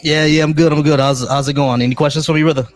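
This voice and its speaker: A man's voice: fairly high pitch, steady tone, fast talker, soft background music. A man hosting a casual live-stream Q&A, talking earnestly and repeating words when he makes a point.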